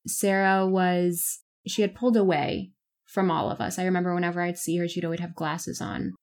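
A woman recalling a friend in an animated way, acting out a conversation. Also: fairly low pitch, moderate pace. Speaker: interviewee, friend. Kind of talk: casual recollection.

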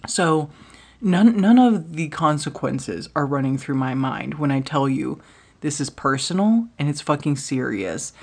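A woman hosting a podcast, telling a comedic personal story with lots of swearing, dropping into hushed asides and jumping to loud bursts. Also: low voice, slightly rough. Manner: profane, dramatic, swings between hushed asides and loud bursts. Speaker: podcast host.

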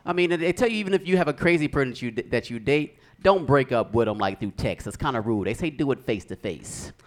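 A young man with a mid-range voice talks fast during a stand-up set on a club stage. He tells animated stories and acts out the characters in them.

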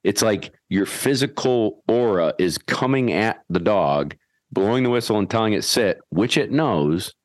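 A man hosting a podcast and explaining dog training in a folksy, animated way, acting out his whistle commands. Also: on the low side, unhurried, no echo. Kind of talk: casual instructional chat.

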